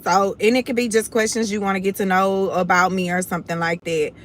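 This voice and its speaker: A young woman from Houston, Texas hosts her own livestream, speaking to viewers casually and bluntly and calling them "y'all." She sounds confident, with a Southern Houston accent. Her voice is mid-range and fairly quick, with fairly even intonation.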